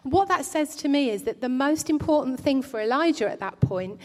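A woman delivers a gentle, earnest sermon with a pastoral warmth of manner, often restarting her phrases. Her voice sits a little high. The recording carries the long reverb of a church hall. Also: animated, normal speed. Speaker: preacher.

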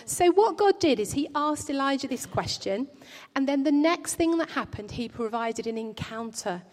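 A woman delivers a gentle, earnest sermon with a pastoral warmth of manner, often restarting her phrases. Her voice sits a little high. The recording carries the long reverb of a church hall. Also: expressive, moderate pace. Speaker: preacher.

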